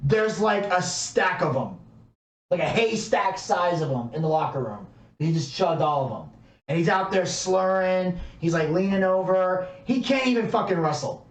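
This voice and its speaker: High-voiced man, rambling and distant. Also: expressive, normal speed. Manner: rambling storyteller, swears, many fillers. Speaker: podcast co-host. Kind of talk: casual podcast chat. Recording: echoey room, distant mic.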